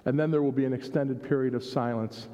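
Pastor reading a story in an echoing hall. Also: male voice, mid-range voice, steady tone, mellow. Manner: measured storytelling with small repeats. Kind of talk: reading a story aloud in a worship service. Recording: dull sound in a reverberant hall.

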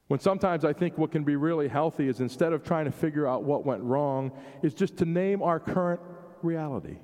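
A man's voice: medium pitch, dark tone. Reflective male preacher in a reverberant hall. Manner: reflective, varies emphasis, acts out quoted questions. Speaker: pastor. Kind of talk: sermon.

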